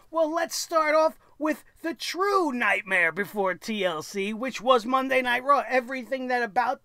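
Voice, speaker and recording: A man's voice: extremely high pitch, fairly bright tone, no room sound. A man giving a ranting, sarcastic solo review of a wrestling show, exasperated and opinionated.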